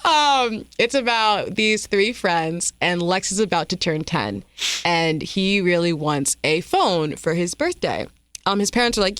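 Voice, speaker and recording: A woman's voice: on the low side, animated, a little slow, a bit bright, no echo. A woman guest author on a radio show, describing her book enthusiastically, with frequent laughs and fillers. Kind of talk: radio interview chat. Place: radio studio.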